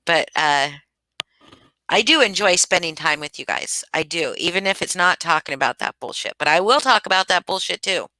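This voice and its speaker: A sleepy woman chats loosely with her livestream viewers from home and calls them by name. Her voice sits a little low but has a bright, forward edge. The sound is dry and close. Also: expressive, moderate pace, no room sound, rough recording. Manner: rambling and chatty, addressing viewers by name. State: sleepy and yawning. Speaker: livestream host. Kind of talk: casual chat with livestream viewers.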